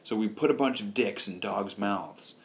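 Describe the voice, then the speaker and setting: A man mimicking a smug male TV comedy host, pitching a ridiculous stunt in an announcer-like tone. He stays close to an everyday speaking voice. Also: normal speed, gravelly, slight background noise.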